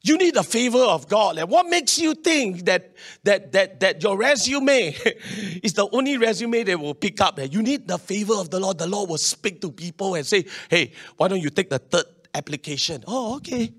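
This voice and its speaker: A man preaching a sermon, animated, with local particles and many restarts. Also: sits high, normal speed, hardly any pauses. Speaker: pastor.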